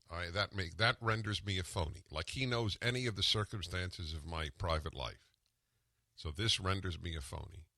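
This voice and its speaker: Older man, talk radio host, combative, emphatic, bright tone, dry studio sound. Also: on the low side, no room sound. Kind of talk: talk radio argument and commentary.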